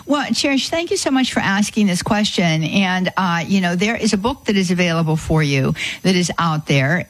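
A woman hosts a call-in radio advice show, her voice sitting a little low. She talks haltingly, with lots of fillers and restarts. The sound is dry and close. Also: dry recording, rough recording.

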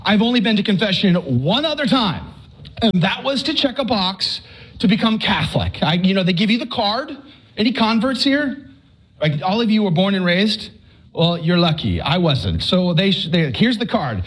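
A man's voice: sits high, big pitch swings, moderate pace. A middle-aged man from Texas giving a faith testimony to an audience, telling his story with acted-out quotes and stammers.

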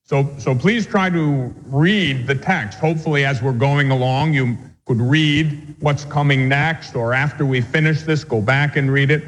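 A man, a Catholic priest, giving a measured, patient catechism lecture with anecdotes. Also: mid-range voice, fairly bright tone, long reverb tail, poor audio.

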